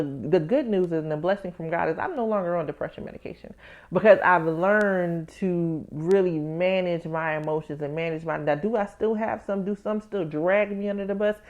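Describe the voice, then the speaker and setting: Woman podcast host, low-ish voice, candid animated storytelling, calls listeners baby, dull lo-fi audio. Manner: addresses listeners as "baby" and "y'all". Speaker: podcast host, tax professional. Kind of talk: casual personal podcast talk.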